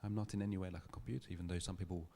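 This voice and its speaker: A man giving a public lecture, telling a story in a thoughtful, measured way with small restarts. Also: deep voice, level tone, dark tone. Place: lecture hall.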